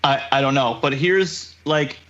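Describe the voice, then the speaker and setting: A man co-hosting a podcast in casual chat, excitable and quick with asides, swearing freely. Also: mid-range voice. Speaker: podcast co-host. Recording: slightly dull lo-fi sound.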